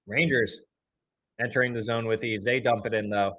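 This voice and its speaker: A young man with a mid-range voice hosts a fan livestream, calling the game play by play. He's openly partisan and swings fast from flat calls to loud outbursts at the referees.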